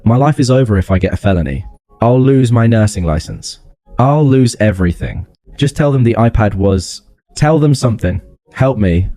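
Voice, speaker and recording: A man's voice: mid-range voice, expressive, normal speed, mellow, no echo, natural voice. A man voicing a frightened young woman who pleads and stammers on a jail phone call. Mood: desperate.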